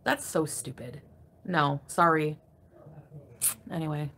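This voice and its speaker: A woman livestreaming from home, venting in an angry, crabby, profane rant that jumps between grumbling and sharp loud outbursts. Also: low voice, slow. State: crabby and irritated. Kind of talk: ranting live stream chat.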